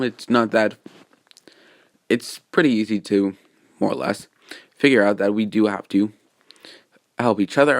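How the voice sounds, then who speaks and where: Male fan narrator, rambling casual retelling, lowish voice. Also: no room sound. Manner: rambling, filler-heavy.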